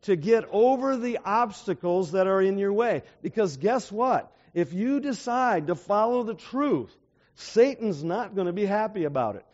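A man's voice: sits high, animated, measured pace, darkish tone. A man preaching a sermon who keeps asking his listeners rhetorical questions and retells stories with emphasis. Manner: asks the audience rhetorical questions. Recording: dull lo-fi recording.

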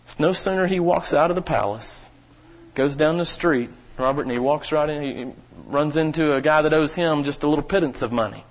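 A man pastor delivers a sermon in a folksy, direct way, asking the congregation questions and swelling into loud, urgent peaks. His voice sits a little high for a man. The recording is dull and lo-fi. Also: moderate pace. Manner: preaching with sudden rises to shouting.

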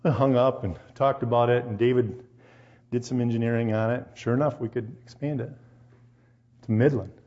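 A man's voice: medium pitch, moderate pace, muffled recording. A man preaching to a congregation, telling personal stories and firing questions at his listeners. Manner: animated, addresses congregation directly with questions. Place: church hall before a congregation.

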